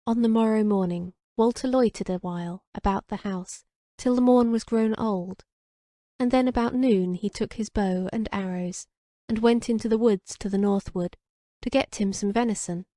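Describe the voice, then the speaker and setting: A woman reads an old romance audiobook at an even, measured, unhurried pace, keeping her delivery steady throughout. Her medium-pitched voice is mellow and warm, with a dry, close sound and no room sound.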